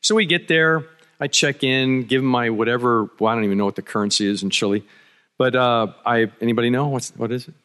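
A man's voice carries through a large conference hall, with the reverb trailing after each phrase. He is from Philadelphia and tells a personal story in a chatty, anecdotal way, with dry jokes and frequent restarts. His pitch sits in the middle range. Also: quick pace, fairly bright tone. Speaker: conference speaker. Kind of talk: storytelling talk.

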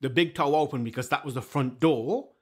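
A man telling a folk tale to children in a lively, animated way, inviting the audience to join in with voices and sounds. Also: mid-range voice, a little fast, slightly rough. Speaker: storyteller. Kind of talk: interactive children's storytelling.

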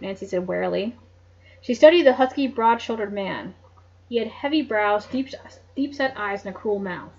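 A woman's voice: mid-range voice, lively intonation, normal speed, darkish tone. A woman reading a mystery novel aloud at home, adding chatty, joking asides between passages, on a dull lo-fi mic. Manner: chatty asides, laughs at the story. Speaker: narrator.

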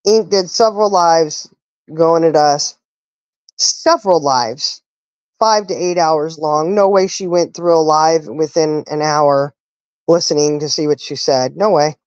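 Indignant low-voiced woman hosting a stream. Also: measured pace, a little mellow, no room sound, lo-fi sound. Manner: indignant, ranting, rhetorical questions. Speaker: live stream host. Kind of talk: casual live-stream talk.

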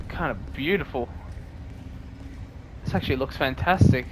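A man giving jokey, swearing let's play commentary and reacting loudly to scares. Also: medium pitch, expressive, measured pace, pauses often, a little hiss or hum. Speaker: gaming video creator.

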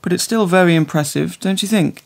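Guy doing a fussy bossy old lady voice, talks down like to a kid, kinda raspy. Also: high-pitched, fairly quick, pitched above the performer's own voice. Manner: fretting, patronizing. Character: fussy disapproving older woman companion.

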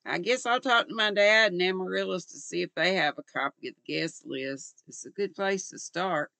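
A woman's voice: fairly low pitch, creaky, pushed and bright, no echo. A woman reading as a sassy young sleuth. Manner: sassy, quick-witted.

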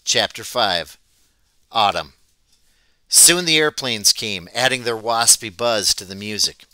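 A man reading a novel aloud as an audiobook, telling it in a plain, steady way. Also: lowish voice, slow pace, smooth, dry recording. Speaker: audiobook reader. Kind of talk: storybook read-aloud narration.

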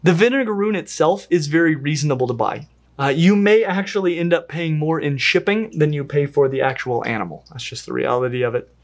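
An enthusiastic pet channel host reviews a pet invertebrate in a casual vlog. The delivery is playful, with lively swings in pitch. The host talks fondly to the animal while handling it. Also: brisk.

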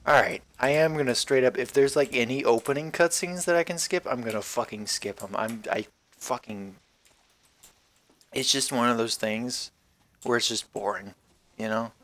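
A man's voice: mid-range voice, moderate pace, a bit bright. A man giving casual let's-play commentary while gaming, rambling and wisecracking with plenty of swearing. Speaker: gameplay commentator.

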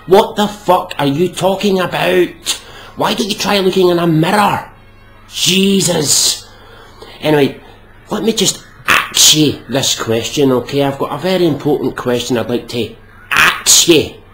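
A man's voice: on the high side, expressive, measured pace, a bit bright. A man with a Scottish accent ranting sarcastically to camera, exasperated and full of swearing. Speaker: vlogger. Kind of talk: comedic rant to camera.

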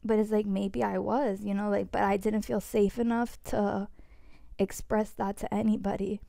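A woman's voice: mid-range voice, flat delivery, normal speed, gravelly, dark tone, dry recording, clean studio sound. A woman on a podcast, sharing reflectively and vulnerably with many "like" fillers. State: voice shaking with emotion. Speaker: podcast co-host.

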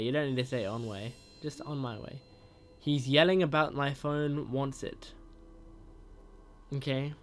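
List: man, gaming host, slightly high voice, slow unhurried delivery, excitable, yells at the screen, faint game music behind. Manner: excitable, reads text messages aloud and shouts at the screen. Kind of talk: reacting while playing a game.

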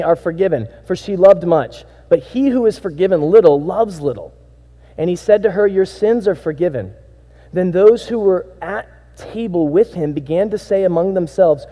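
A man preaching a sermon as pastor, swinging between hushed, intimate lines and emphatic bursts. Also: high voice. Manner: animated preaching, drops to hushed tones and rises to emphatic bursts. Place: church sanctuary. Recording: sanctuary with long reverb.

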